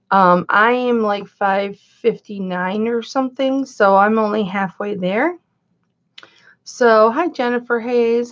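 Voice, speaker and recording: A woman's voice: on the high side, dull audio. A woman hosting a chatty livestream, greeting viewers by name and calling herself Mama. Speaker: live-stream host and reseller.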